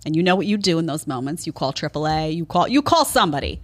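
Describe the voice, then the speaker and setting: This podcast host is a New York woman with a low voice and a quick pace. She delivers opinionated, sarcastic commentary, animated throughout and peppered with mocking impressions.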